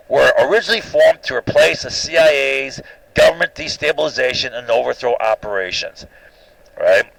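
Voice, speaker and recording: A man giving an informal recorded lecture, animated and opinionated, constantly checking in with "right?". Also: mid-range voice, creaky, rough recording.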